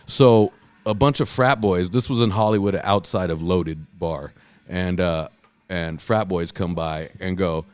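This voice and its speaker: A man's voice: measured pace, clear, resonant tone. A man hosting a podcast, telling a wild story in casual, profane chat and acting out the people in it. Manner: profane, animated, acts out quotes in a loud high voice. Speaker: podcast host.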